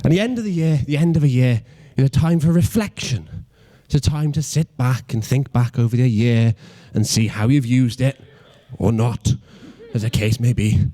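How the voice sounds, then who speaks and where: A Welsh man in his twenties performs stand-up, his mid-range voice warm and his pace moderate with few pauses. His humor is self-deprecating and mock-logical, and he stammers and restarts as he goes.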